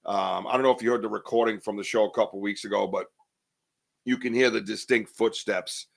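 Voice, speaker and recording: A man hosting a podcast, chatting in an animated, joking way and swearing casually. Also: on the low side, fairly quick, gravelly. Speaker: podcast host. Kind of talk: casual chat.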